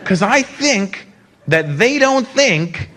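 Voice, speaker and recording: A man's voice: sits high, very animated, slow pace, background noise. A man in his fifties from Canada, telling profane stand-up stories on a theater stage. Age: 50s. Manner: brash, profane storytelling. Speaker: stand-up comedian. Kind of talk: stand-up comedy set. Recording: live stage mic with loud crowd. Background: audience laughter and applause.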